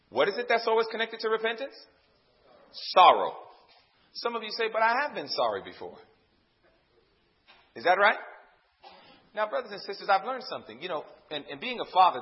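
A man preaches a sermon to a congregation in a high voice that swoops widely up and down. He puts questions to the room and waits for the answers. His lines move from loud emphasis to near-hushed tones, and the recording sounds dull and lo-fi. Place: church service before a congregation.

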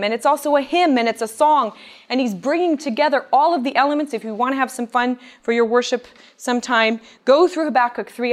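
Woman Bible teacher, slightly high voice, earnest and expressive sermon delivery. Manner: earnest and expressive, voice rising with emphasis; reads scripture aloud in a measured tone.

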